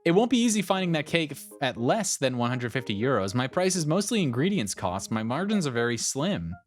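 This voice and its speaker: A man voicing a patient, polite woman baker who stays calm and firm, with background music. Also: medium pitch, a little fast, pitched above the performer's own voice, natural voice.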